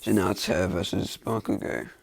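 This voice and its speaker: A man's voice: lowish voice, steady tone, normal speed, gravelly, a little mellow, breathy edge, no room sound. A man telling an improvised story in a casual, rambling way, full of filler words and restarts. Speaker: fan fiction storyteller.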